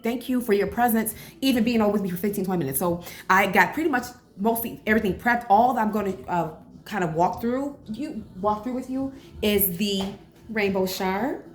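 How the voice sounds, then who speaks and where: A woman in her forties, a cooking vlogger chatting casually at home with rambling, animated asides. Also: medium pitch. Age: 40s. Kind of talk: casual cooking vlog chat. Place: home kitchen. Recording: echoey kitchen, faint room noise.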